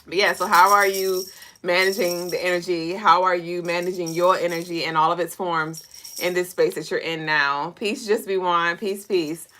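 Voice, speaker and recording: A woman hosting a casual spiritual reading livestream, talking straight to viewers in a loose, profane, animated way. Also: fairly low pitch, normal speed, a little hiss or hum. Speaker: spiritual reader and co-host.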